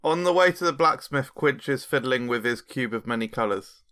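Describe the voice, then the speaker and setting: A man's voice: medium pitch, expressive, moderate pace, bright, forceful tone, smooth. A man playing a tabletop game, speaking hesitantly and evasively. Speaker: player.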